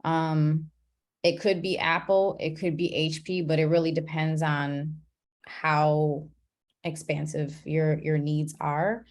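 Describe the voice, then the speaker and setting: A woman leading an online class on a video call, talking in a relaxed, chatty way and laughing at her own slips. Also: sits low, takes it slowly. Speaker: class facilitator.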